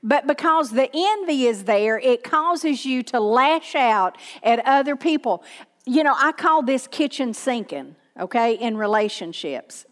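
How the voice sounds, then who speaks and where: Southern lady pastor preaching slow n emphatic, kinda high voice, long hall echo. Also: expressive. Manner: repetitive emphatic preaching, asks the congregation questions. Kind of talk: sermon.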